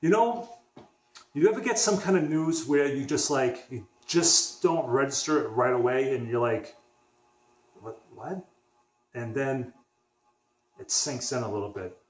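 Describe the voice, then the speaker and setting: A young man from the Boston area tells his story in a loose, rambling vlog style, often restarting his sentences. His pitch sits in the middle of the range. The sound is roomy, with a clear echo off the walls. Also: moderate pace. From Boston area, USA. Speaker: vlogger. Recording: echoey room.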